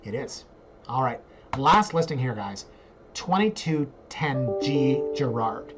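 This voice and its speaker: A man's voice: expressive, moderate pace, slight background noise. Brief: 40s male realtor, chatty and joking, walks viewers through listings, somewhat muffled home mic. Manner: joking, chatty, jumps into squeaky asides. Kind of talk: casual screen-share talk.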